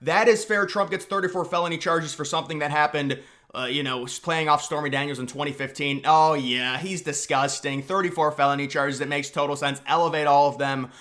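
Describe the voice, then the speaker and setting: Bright sarcastic man ranting. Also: a little high. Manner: sarcastic, mocking, exaggerated outbursts. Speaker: political commentary vlogger. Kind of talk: casual ranting commentary.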